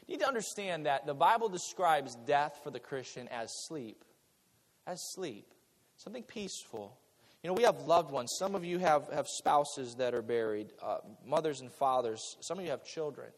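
A man preaches from the pulpit in a fairly high voice that swings widely in pitch. He stumbles over repeated words and mixes jokes into the message. The sound carries a long reverb, as in a large hall. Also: moderate pace. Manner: animated preaching with repeated words and joking asides. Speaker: pastor. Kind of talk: sermon.

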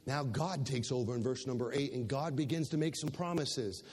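A man preaching a sermon as pastor, emphatic, swinging between loud passages and soft ones and repeating words as he builds. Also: medium pitch, moderate pace, breathy edge. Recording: long hall reverb.

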